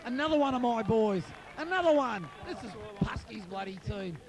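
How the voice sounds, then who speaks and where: A hoarse Australian man commentating excitedly outdoors at a football ground, calling out players' nicknames for a home video. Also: extremely high pitch, moderate pace. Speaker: club supporter narrating home video.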